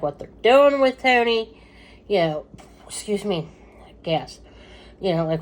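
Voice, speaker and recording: Middle-aged lady rambling on camera, kinda low voice, lots of ums and asides. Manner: rambling, chatty, many fillers and asides. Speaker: vlogger giving updates on her husband. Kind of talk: casual chat to camera.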